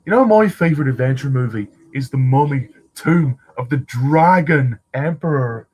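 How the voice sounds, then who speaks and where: A man giving a casual film commentary, jokey and quick with quips. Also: mid-range voice, lively intonation, darkish tone, husky.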